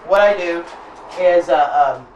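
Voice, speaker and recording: A woman hosting her own cooking show, chatting loosely with many filler pauses as she tells a story while she cooks in her kitchen. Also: fairly low pitch, darkish tone, recorded from a distance, muffled recording. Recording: roomy sound, voice off-mic, faint noise.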